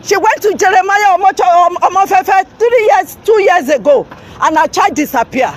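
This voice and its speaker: A Nigerian woman live-streaming from her phone outdoors, shouting and confronting people, repeating herself urgently. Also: very high-pitched, normal speed, rough recording. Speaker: livestreamer confronting officials. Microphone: phone held while live streaming.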